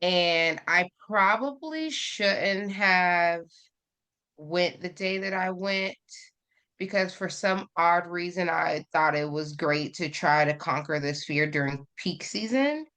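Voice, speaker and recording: A woman's voice: on the low side, takes it slowly, bright, forceful tone, clean tone. A woman guest on a podcast, speaking candidly and telling a personal story in a casual chat, with lots of fillers. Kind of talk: casual conversation.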